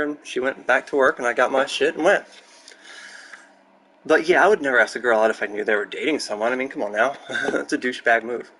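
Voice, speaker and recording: Young male streamer, candid and excitable, rambles through stories in a medium voice; close mic with light background noise. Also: mid-range voice, fast talker, poor audio. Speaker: gaming streamer. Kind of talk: casual chat while building in a game. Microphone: close desk mic.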